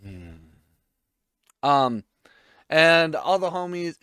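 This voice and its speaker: A man's voice: fairly high pitch, very animated, very slow, pushed and bright, clean tone, no room sound, studio quality. A man in his twenties giving a casual episode recap, rambling with irreverent, crude jokes. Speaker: vlogger.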